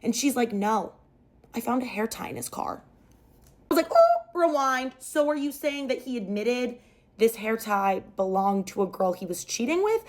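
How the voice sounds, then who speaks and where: A young woman retelling a story aloud in a chatty, animated way. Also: fairly high pitch, moderate pace.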